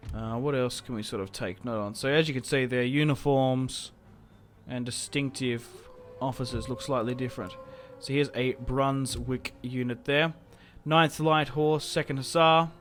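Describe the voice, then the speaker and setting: A man's voice: mid-range voice, steady tone, measured pace, a bit bright, faint music behind. A young man giving casual, joking commentary over his own strategy game, often trailing off and restarting. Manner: chatty, joking, self-interrupting. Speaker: gaming channel host.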